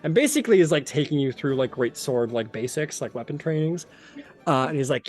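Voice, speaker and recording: A man narrating a tabletop game as game master, casual and animated with many fillers. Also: mid-range voice, fairly quick.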